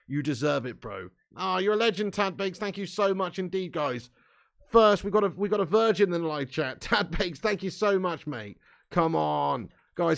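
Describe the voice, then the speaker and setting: A young English man with a high voice and vocal fry hosts a live watch-along stream. He trades sweary, laddish banter with his viewers and laughs often.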